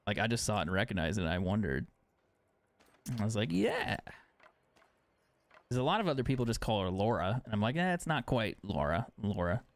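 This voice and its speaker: A man's voice: fairly low pitch, lively intonation, quick pace, no room sound. Sarcastic young man chatting on stream. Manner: sarcastic, swears casually. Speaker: game streamer. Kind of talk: casual chat while gaming live.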